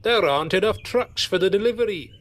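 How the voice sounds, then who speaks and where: A man's voice: high-pitched, lively intonation, pitched above the performer's own voice. A man voicing a busy, exasperated male yard manager, in a storybook reading. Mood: harried. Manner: hurried, exasperated. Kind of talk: storybook character voice. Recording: loud music underneath.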